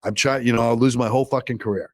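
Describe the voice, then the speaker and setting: A man's voice: medium pitch, fairly even intonation, rapid-fire, no room sound. A man casually telling a story on a podcast, cursing a lot and acting out what people said. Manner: profane, rambling, acts out quotes loudly. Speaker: podcast co-host.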